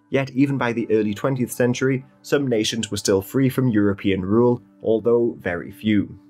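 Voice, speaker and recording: Male narrator, lowish voice, measured documentary read with soft music underneath. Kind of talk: scripted history narration.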